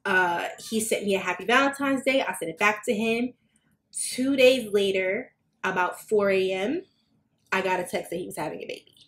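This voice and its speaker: Casual podcast co-host, woman, lively storyteller who jumps high when quoting people. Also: normal speed. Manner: animated, swearing, acts out quotes with big jumps in pitch.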